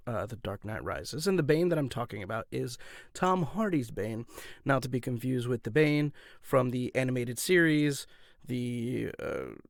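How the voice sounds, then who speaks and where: A man's voice: mid-range voice, creaky, no room sound. A man hosting his own channel, talking casually and loosely to camera from a home voice-over booth on studio mics. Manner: chatty, loose, many fillers and restarts. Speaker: voice actor and YouTube host. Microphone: studio condenser and shotgun mics.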